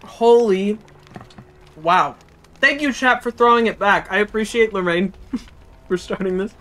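Excitable streamer chatting with viewers. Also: mid-range voice, unhurried. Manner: excitable, chatty, talks to chat, reads game text aloud. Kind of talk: live gameplay commentary.

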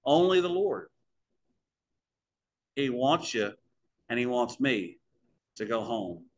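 A man's voice: medium pitch, very animated, slow, muffled recording, slight background noise. A man preaching the close of a sermon in a small church, in a folksy storytelling way that speaks to the congregation as folks.

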